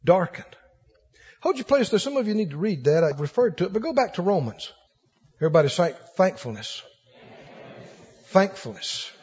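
A man's voice: high voice, big pitch swings, fairly quick, a little mellow, slightly rough, highs cut off. A man preaching a sermon to a congregation, fervent and repetitive, building emphasis, recorded in a hall.

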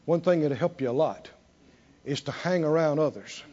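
A man preaching a sermon with animated emphasis, often asking the congregation questions. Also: on the high side, normal speed. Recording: dull lo-fi recording.

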